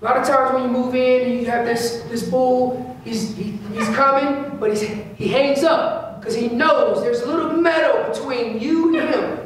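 A very high-voiced man with fairly even intonation speaks at a moderate pace during a casual hunting seminar on elk calling inside a big store. He speaks for the elk's thoughts, repeats his main phrases, and slips into slang. The room echoes, he's far from the mic, and a faint hum runs underneath.

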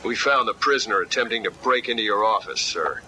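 Game guard: brisk, deferential, bright hard tone. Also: male voice, lowish voice, slight background noise, rough recording. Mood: dutiful. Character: dutiful male prison guard. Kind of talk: video game cutscene acting.

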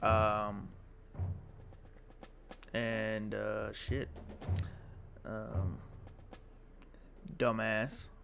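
A man's voice: on the low side, little pitch movement, drawn-out words, creaky, pauses often. A man acting as dungeon master on a live stream, narrating combat in a casual, profane way with frequent ums. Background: background music.

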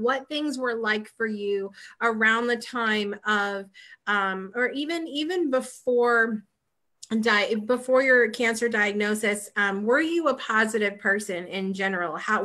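A woman hosting an interview, chatty and laughing, asking halting questions full of fillers. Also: on the high side, sharp tone. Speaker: host.

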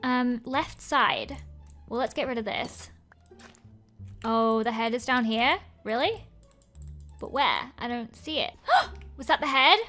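A woman's voice: a little high, slow pace, long pauses, pushed and bright, faint music behind. A young woman hosting a game video, chatting casually as she plays, thinking aloud, gasping and cheering. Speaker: gaming video host. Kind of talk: casual gameplay commentary.

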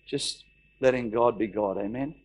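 In a mid-range voice at a moderate pace, an Australian pastor in middle age tells a story during his sermon. He performs the voices of the people involved, stays animated and repeats phrases.

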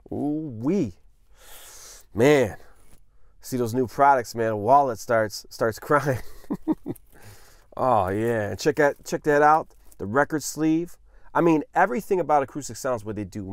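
Man, casual unboxing vlog, effusive and excited, middle pitch, dry close sound. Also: clear, resonant tone, no room sound. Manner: enthusiastic, effusive, says "man" constantly. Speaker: vinyl unboxing vlogger.

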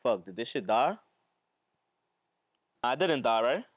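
A man's voice: medium pitch, very animated, takes it slowly, dry recording, studio quality. A man streaming casually while he builds a model kit, joking crudely, laughing often and chatting to viewers. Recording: music playing underneath.

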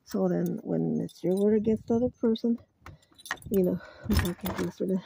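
At home, a woman vlogs casually, muttering anxiously to herself, calling to her pets, and slipping into Spanish phrases. Her mid-range voice is creaky at a moderate pace, with background noise behind her.

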